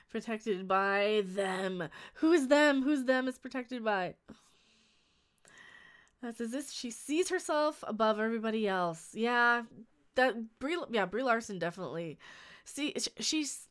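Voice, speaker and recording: Her voice a little high, a woman rambles through a casual live stream. She reads viewer comments and shares blunt opinions, laughing and restarting frequently.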